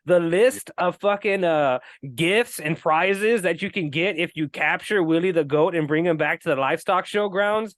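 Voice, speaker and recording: A man with a notably high speaking voice trading casual, profane banter as a podcast co-host. He talks with animated energy and laughs often. The sound is dry and close, with no room echo. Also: normal speed, few pauses.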